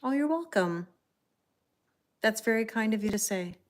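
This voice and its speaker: A middle-aged woman reading tarot on a livestream, chatting casually, greeting viewers by name and filling pauses with ums and soft laughs. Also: fairly high pitch, expressive. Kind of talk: live-stream casual chat.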